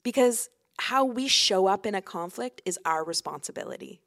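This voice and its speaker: A woman's voice: mid-range voice, expressive, normal speed, fairly bright tone. A woman pastor, a guest on a faith podcast, talking earnestly and reflectively with frequent fillers.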